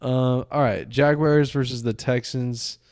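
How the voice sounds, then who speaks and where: A man's voice: mid-range voice, steady tone, unhurried, darkish tone, no echo. Chill young guy talking football picks, says dude a lot, dry mic sound. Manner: laid-back, swears casually, says dude. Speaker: podcast co-host. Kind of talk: casual sports chat.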